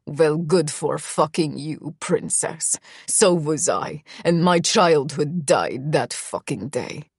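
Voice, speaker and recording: A woman voicing a bitter young mafia man who hisses and snarls his lines in a low, menacing tone. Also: slow, gravelly, hardly any pauses, husky, no echo, clean studio sound, full character voice. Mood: snarling. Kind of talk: audiobook character voice.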